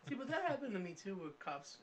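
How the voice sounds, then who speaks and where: Brief: high, light male voice, casual podcast co-host, animated storyteller. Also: fast, a little hiss or hum. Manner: animated, loud when acting out his story. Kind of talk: casual storytelling among friends.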